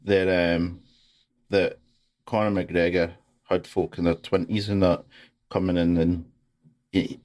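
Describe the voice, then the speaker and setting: Deep-voiced Scottish man, laid-back and hesitant. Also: a little mellow. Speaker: podcast co-host. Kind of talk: casual podcast chat.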